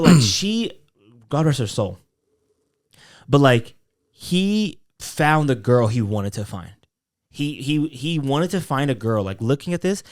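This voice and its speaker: A young man co-hosting a podcast, telling a story in casual chat with loose fillers and quoted voices. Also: mid-range voice. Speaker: podcast co-host.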